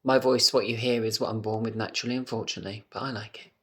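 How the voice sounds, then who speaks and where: A camp British man chats into his phone camera from home in a loose, unscripted vlog. He is animated and talkative, and drops swear words freely. His pitch sits in the middle of the male range. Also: very fast. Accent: British English. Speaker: vlogger. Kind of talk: casual vlog chat to camera.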